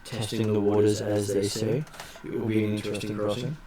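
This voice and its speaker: A man with a low, level voice runs a tabletop game as game master. He talks in a halting way and fills gaps with ums and uhs. Other people chatting can be heard behind him. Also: flat delivery, a loud crowd.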